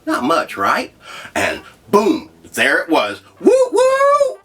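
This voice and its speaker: A man's voice: mid-range voice, huge pitch swings, slow pace, bright, forceful tone, husky, soft background music. Brash, profane male comedy host. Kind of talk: comedic monologue.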